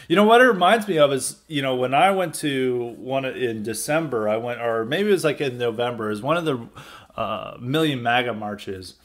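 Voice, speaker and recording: A man's voice: medium pitch, fairly bright tone. A man hosting a podcast, giving blunt, indignant opinion commentary with restarts and chuckles. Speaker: podcast host.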